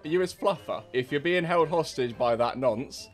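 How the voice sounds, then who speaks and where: A man's voice: on the high side, lively intonation, normal speed, soft background music. A young man taunting other players over game voice chat in a cheeky, mocking way, full of slang. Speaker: game streamer.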